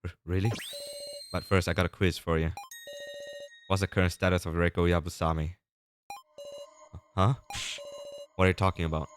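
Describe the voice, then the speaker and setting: A man's voice: low voice, level tone, normal speed, pauses often, natural voice. A man reading the lines of a taunting male doll villain in a story game, in a mocking, quiz-like manner. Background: game music.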